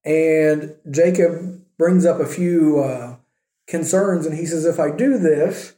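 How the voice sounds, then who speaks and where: Wry, high-voiced man teaching Scripture. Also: slow pace, warm tone, reverberant. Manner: wry, joking storytelling with quoted voices. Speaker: Bible teacher. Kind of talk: casual Bible teaching.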